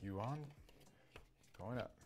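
A man's voice: on the low side, takes it slowly. A man hosting a casual chat show, easygoing and chatty as he works through a list. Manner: lively, easygoing, bursts out loudly when hurt. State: nursing a sore finger. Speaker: show host. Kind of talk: casual chat while putting names on a wall.

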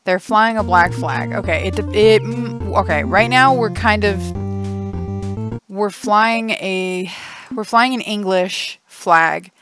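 A woman's voice: mid-range voice, takes it slowly. A woman hosting a casual let's play, chatty, laughing often and thinking aloud. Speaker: gaming channel host. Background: game music.

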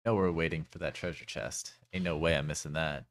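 A man's voice: extremely low pitch, fairly even intonation, brisk. A man casually commenting on a game he is playing on stream, wry and swearing freely.

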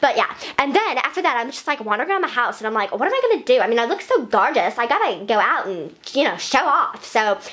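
A woman's voice: on the high side, sing-song, quick pace, hardly any pauses, fairly bright tone. A woman voicing a vain, ditzy female fashion doll, rambling in breathless valley-girl chatter in a hyper improvised vlog. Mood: gossipy. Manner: rambling and scatterbrained. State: breathless from talking fast. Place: bedroom at night.

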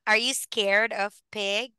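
Woman English teacher for a small child, patient and cheery; slow, bright and crisp, dry sound. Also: medium pitch, fairly even intonation, no room sound. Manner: patient, encouraging, spells letters slowly, laughs often. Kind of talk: phonics lesson with a young child.

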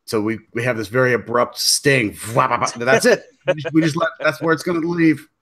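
A man's voice: mid-range voice, a little fast, a bit bright. Laid-back man telling a story. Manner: laid-back, trails off and restarts, laughs while telling. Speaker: comedian guest. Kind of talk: casual storytelling chat.

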